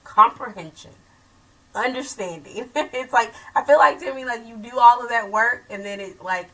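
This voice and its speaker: Chatty woman host, bright voice. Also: on the high side, moderate pace, recorded from a distance, low-quality recording. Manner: chatty, many fillers and asides. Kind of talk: casual talk show chat with parents.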